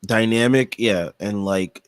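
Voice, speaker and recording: A young man with a very deep voice co-hosts a casual sports podcast. He speaks indignantly, in halting sentences full of fillers, recorded close and dry with no room sound. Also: clear, resonant tone, dry recording. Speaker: podcast co-host.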